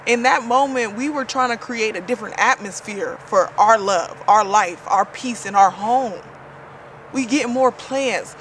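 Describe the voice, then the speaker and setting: A woman talks straight to her viewers in a relaxed, chatty way, sprinkling "you know" through every thought. Her voice sits at a middle pitch, with a faint hiss of noise behind it. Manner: chatty, with frequent "you know" fillers and laughter; heartfelt, spiritual testimony. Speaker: vlogger. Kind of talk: casual personal storytelling.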